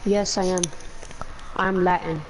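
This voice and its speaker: A man's voice: high-pitched, unhurried, heavy background noise. A young man chatting casually with a teammate over game voice chat, asking short questions and cheering him on. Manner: relaxed, short questions and encouragement.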